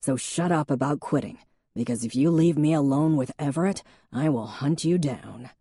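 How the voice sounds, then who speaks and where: A woman's voice: low-pitched, moderate pace, breathy edge, no echo. A woman doing a dry, patient male police chief. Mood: dry, firm. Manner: deadpan, patient stare in the voice.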